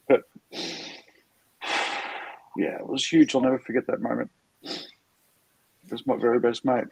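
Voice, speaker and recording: A man's voice: medium pitch, steady tone, a little slow, gravelly, pauses often, darkish tone, breathy edge, no echo. A man in his fifties, a guest speaking openly and emotionally in casual conversation, laughing easily. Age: 50s. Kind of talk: candid conversational storytelling.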